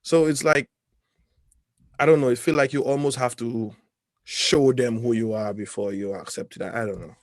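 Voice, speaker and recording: Measured man, dry close sound. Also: medium pitch, no echo. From Caribbean. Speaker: podcast co-host. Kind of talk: casual chat.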